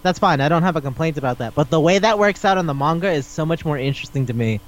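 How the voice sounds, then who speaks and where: A man's voice: fairly high pitch, lively intonation, fast talker. A man co-hosting a podcast in casual chat, rambling animatedly and swearing freely. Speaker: podcast co-host.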